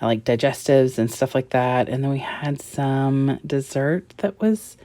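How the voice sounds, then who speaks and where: Woman, low voice, mellow tone, dry close sound, chatty scrapbooking vlog host, lots of fillers. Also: measured pace, dry recording. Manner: chatty, rambling with many fillers. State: getting teary near the end. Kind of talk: casual crafting vlog narration.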